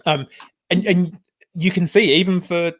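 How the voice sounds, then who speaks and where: A man hosting a casual podcast conversation, telling stories in an animated, rambling way and often restarting his sentences. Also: high voice, measured pace. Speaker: podcast host.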